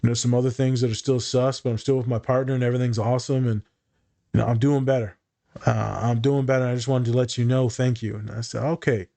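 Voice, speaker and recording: Profane, animated male therapist storyteller. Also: mid-range voice, fast, creaky. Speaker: therapist podcast guest. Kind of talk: casual podcast chat.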